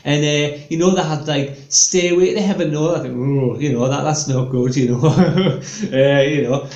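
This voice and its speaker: Male comedian, slightly high voice, chatty and rambling, echoey room. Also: moderate pace, a little mellow, lo-fi sound. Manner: chatty, meandering, full of fillers. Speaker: stand-up comedian. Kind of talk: rambling stand-up storytelling.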